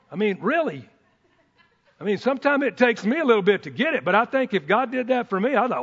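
A man preaching a sermon in a folksy, excitable way, breaking into whoops and joking asides. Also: sits high, fast, breathy edge. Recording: dull sound in a reverberant hall.

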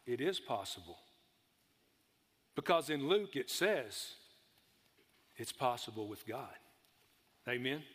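A man's voice: mid-range voice, very animated, slow pace, long pauses, a bit bright, slightly rough, in a large hall. A man preaching a sermon, emphatic, calling for amens and stretching out key words.

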